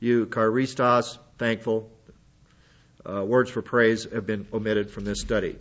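A man's voice: lowish voice, steady tone, measured pace, a bit bright. Methodical male Bible teacher, dull recording. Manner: methodical, works through Greek word lists with restarts. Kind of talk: sermon-style Bible lesson.

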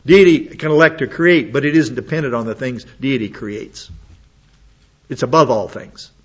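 A man's voice: mid-range voice, husky, muffled recording. A man preaching a sermon, reading Bible passages aloud and breaking in with casual, plain-spoken comments. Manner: reads scripture aloud then adds quick casual asides.

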